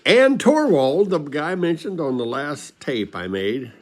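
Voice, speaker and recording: Lively folksy older man telling a story. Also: a little high, a little slow. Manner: rambling, folksy, laughs while telling. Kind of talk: casual recorded storytelling.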